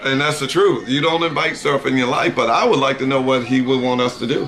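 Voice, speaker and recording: A man's voice: mid-range voice, a little fast, a bit bright. A middle-aged American man co-hosting a casual reaction chat, telling folksy stories and calling people "brother". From United States. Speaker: co-host, the dad.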